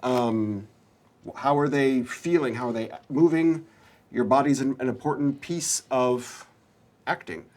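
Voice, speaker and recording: A man's voice: mid-range voice, unhurried, a little mellow. A man on a panel giving acting advice, sometimes acting out short examples. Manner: earnest, gives acted examples. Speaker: drama panelist. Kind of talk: panel discussion.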